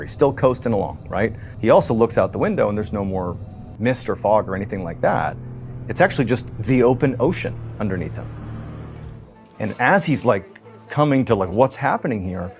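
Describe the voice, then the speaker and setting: A man telling a strange story in a casual, conversational way, with many fillers. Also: fairly low pitch.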